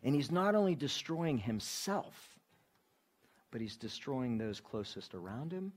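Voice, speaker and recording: A man preaching a sermon as pastor, talking to the congregation in an animated, conversational way, checking in with tag questions and sometimes dropping to a hush for emphasis. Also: medium pitch, measured pace.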